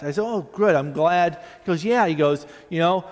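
Male pastor, conversational sermon delivery, self-deprecating asides, fairly high voice, reverberant church hall. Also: lively intonation, brisk, few pauses. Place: church sanctuary.

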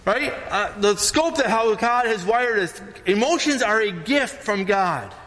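A man's voice: high voice, lively intonation, unhurried, a bit bright, in a large hall. A man preaching a casual sermon as pastor, talking conversationally and often checking in with "right?".

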